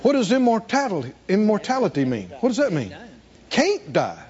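In a high, animated voice with wide pitch swings, a male pastor delivers a sermon at normal speed, reading scripture aloud and posing rhetorical questions to the congregation. The dull, lo-fi sound suggests it was taped in a church.

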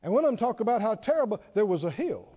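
A man preaching in a very high, lively voice, spinning funny stories and drawing replies from the pews. The sound is dull and muffled, with a long reverb from the church sanctuary. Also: racing, husky. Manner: animated storytelling with humor, calls for congregation responses. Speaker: pastor. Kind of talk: sermon.

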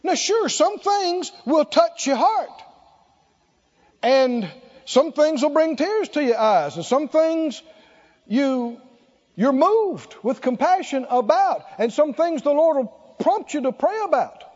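A man's voice: very high voice, big pitch swings, slow pace, a little mellow, lo-fi sound. A man preaching a sermon, emphatic and exclaiming, repeating short phrases for effect.

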